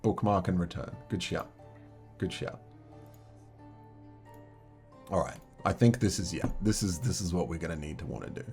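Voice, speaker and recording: A man's voice: sits low, fairly quick, a little mellow, soft background music. A man playing a solo tabletop adventure book, reading the text aloud and chatting casually with his viewers. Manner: chatty, reads game text aloud, talks to chat. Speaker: game master.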